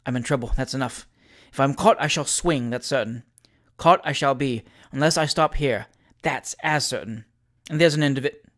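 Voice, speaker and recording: A man's voice: normal speed, a bit bright, lightly acted. A man voicing a desperate young man on the run, who speaks hastily and bluntly. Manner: hasty, low and blunt.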